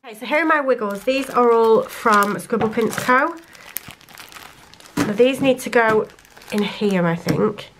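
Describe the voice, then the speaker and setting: Girl chatting away to camera, bit higher voice, talks through what she's doing. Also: unhurried, pauses often, background noise. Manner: chatty, thinks aloud while sorting stickers. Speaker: planner sticker vlogger. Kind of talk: casual chat to camera.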